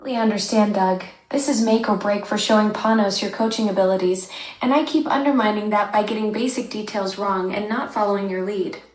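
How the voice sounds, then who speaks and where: A woman's voice as an AI companion, giving smooth, agreeable, apologetic conversational replies. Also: medium pitch, fairly even intonation, fairly quick, echoey room, rough recording.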